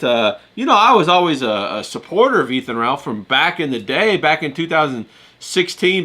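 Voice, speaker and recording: A man's voice: fairly high pitch, sharp tone. A man hosting a casual livestream chat, easygoing and full of fillers, laughing often. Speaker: host.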